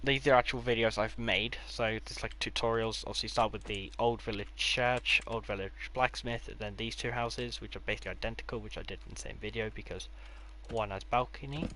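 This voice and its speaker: A man's voice: lowish voice, steady tone, fairly quick, few pauses, sharp tone, slight background noise. A man giving a casual, rambling tour of his game builds, with offhand delivery and dry sarcastic asides. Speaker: gaming creator.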